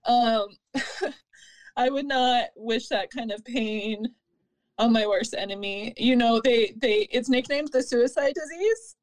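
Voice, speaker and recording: A woman in her thirties telling her own story in an interview, candid and earnest, pausing and restarting often. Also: fairly high pitch. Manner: halting, with frequent fillers and restarts. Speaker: interview guest.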